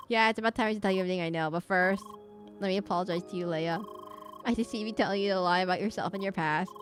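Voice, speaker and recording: A woman's voice: mid-range voice, quick pace, a little hiss or hum, lightly acted. A woman voicing a remorseful older man who apologizes and explains past secrets in a game. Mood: apologetic.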